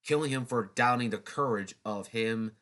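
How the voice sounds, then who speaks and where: A man's voice: medium pitch, moderate pace, fairly bright tone. A man narrating a history video in a loose, chatty way, with restarts and snarky asides. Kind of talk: casual unscripted history talk.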